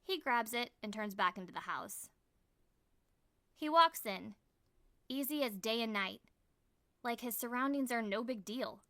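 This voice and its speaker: A woman narrating an audiobook in the first person, reading in an expressive, measured way. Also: a little high, no room sound, studio quality.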